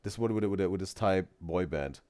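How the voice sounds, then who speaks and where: A man's voice: sits low, brisk, a little mellow. A man hosting a live reaction stream, chatting loosely with viewers and thinking aloud as he talks. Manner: rambling, chatty, addresses chat viewers directly. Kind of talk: casual live-stream commentary.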